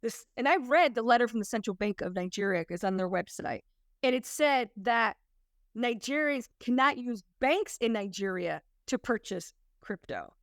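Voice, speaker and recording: A woman's voice: a little high, expressive, normal speed, no echo, clean studio sound. A woman working as a compliance consultant, talking to an audience in an emphatic, conversational storytelling way. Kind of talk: presentation to an audience.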